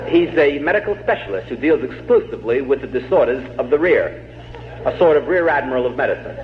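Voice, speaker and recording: A man giving a humorous public lecture to a live audience, telling jokes and putting rhetorical questions to his listeners. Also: fairly high pitch. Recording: dull old tape in an echoey hall, faint hiss.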